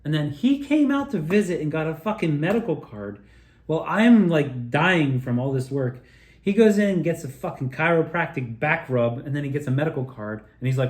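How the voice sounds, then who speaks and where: A man telling a rambling personal story, excitable and profane, often restarting his sentences. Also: a little high, moderate pace, echoey room. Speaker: video creator telling his own story.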